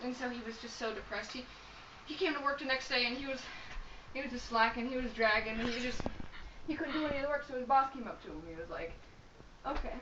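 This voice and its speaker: A woman's voice: a little high, fast, muffled recording, noisy background. A young woman telling a long, rambling joke to friends, in a chatty way with fillers. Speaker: joke teller. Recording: echoey room from far off.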